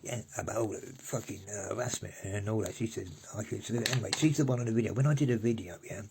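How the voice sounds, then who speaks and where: A man's voice: on the low side, fast, vocal fry, noisy background. A man, talking straight to camera in a sweary, rambling rant and tagging "yeah?" onto his sentences. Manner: sweary, ranting, repeats "yeah?". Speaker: vlogger. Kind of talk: angry rambling monologue.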